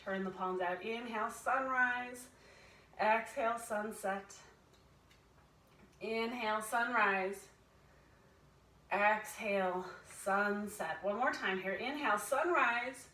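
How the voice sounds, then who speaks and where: A woman's voice: mid-range voice, takes it slowly, pauses often, pushed and bright, roomy sound, distant mic, poor audio. A woman instructor guiding a family yoga class, playfully cueing breaths and inviting animal sounds.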